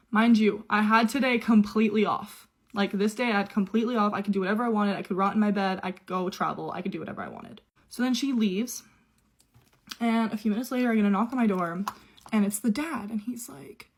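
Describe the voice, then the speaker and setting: A woman's voice: mid-range voice, a little fast. Chatty young woman telling a storytime. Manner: chatty, run-on retelling with quoted dialogue. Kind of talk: casual storytime chat.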